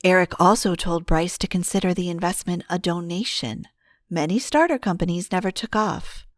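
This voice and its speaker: A woman narrating an audiobook in a calm, steady storytelling manner on a close mic. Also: fairly low pitch, normal speed, no echo.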